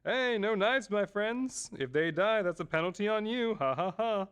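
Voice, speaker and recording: A gloating, sing-song announcer, as a man acts him out while reading a comic aloud keeps a cruel hunt going with cheerful mockery. The voice sits higher than an ordinary speaking voice, smooth and clean. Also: lively intonation, moderate pace, a bit bright.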